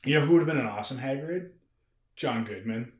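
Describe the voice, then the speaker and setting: A man's voice: mid-range voice, lively intonation, fast. A man co-hosting a podcast, explaining at length in casual chat, with many restarts. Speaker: podcast co-host. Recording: roomy echo.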